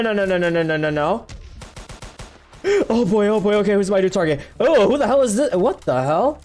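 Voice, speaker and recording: Excitable young man yelling at a game. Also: high voice, normal speed, soft background music. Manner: excitable, yelps and shouts at the game, slangy. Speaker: gaming video creator. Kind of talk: casual gameplay commentary.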